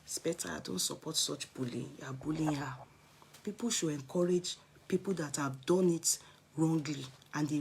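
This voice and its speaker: Slight background noise accompanies this woman's lowish, somewhat mellow voice as she chats live with viewers. A Nigerian-accented clothes-selling vlogger, she gives emphatic, preachy encouragement and often slips into a whisper.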